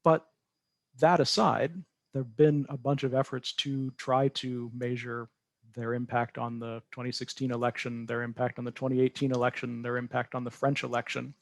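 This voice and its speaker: Brief: male researcher guest, measured explainer, mid pitch, dry close sound. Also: vocal fry, no echo. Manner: measured, explanatory, self-correcting. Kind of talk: podcast interview answers.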